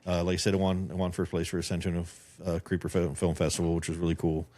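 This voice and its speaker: A middle-aged man, a podcast guest and filmmaker, chatting casually and telling a story in an animated, profanity-laced way. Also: low voice, very fast, dry recording.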